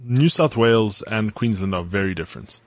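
A man from South Africa co-hosting a podcast, relaxed and anecdotal in casual chat. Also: on the low side, a little fast, no echo. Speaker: podcast co-host.

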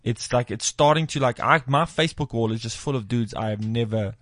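A man's voice: mid-range voice, brisk, a bit bright, dry recording. A man hosting a comedy podcast, joking and bantering with his co-hosts in a studio. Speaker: podcast host. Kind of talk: casual chat.

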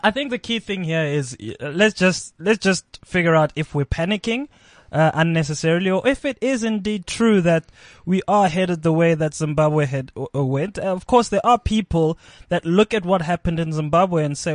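A man co-hosting a radio talk show, soft-spoken and rambling with many restarts. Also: on the high side, moderate pace, dry recording, studio quality. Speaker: radio co-host.

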